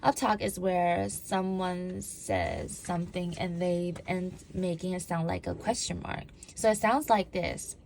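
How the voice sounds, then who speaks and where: A woman's voice: lowish voice, expressive, unhurried, vocal fry, hardly any pauses, darkish tone, slight background noise. A woman who once worked in law enforcement gives a talk on body language, acting out examples and leading the audience through drills. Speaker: public speaker on body language; former law enforcement officer.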